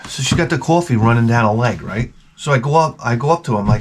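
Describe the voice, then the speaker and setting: Guy rambling about his day on his channel, wry, crude asides, mid-pitched voice. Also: fast talker, a little hiss or hum. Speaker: video host. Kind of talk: casual rambling monologue.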